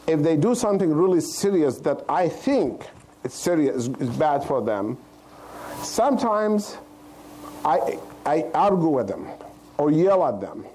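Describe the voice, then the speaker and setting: Man, high voice, cardiologist, casual lecture to a crowd, plain-spoken, keeps checking in with listeners. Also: a little mellow, a little hiss or hum, low-quality recording. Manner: conversational, checks in with the audience; plain-spoken, loose grammar. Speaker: cardiologist giving a health lecture. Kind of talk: informal lecture to a live audience.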